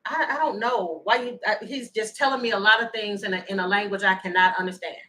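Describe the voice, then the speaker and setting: A woman giving a chatty, animated livestream tarot reading and thanking viewers by name. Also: mid-range voice, quick pace, rough recording. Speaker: tarot reader.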